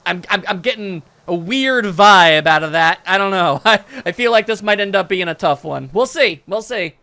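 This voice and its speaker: A man's voice: high-pitched, animated, moderate pace, bright, forceful tone. A man giving casual, jokey, rambling commentary while playing a video game. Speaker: let's play host.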